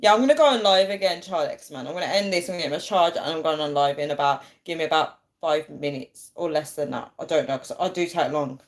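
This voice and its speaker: A woman's voice: sits low, quick pace, hardly any pauses. A young woman chatting casually to viewers on a phone livestream, laughing often and thanking them.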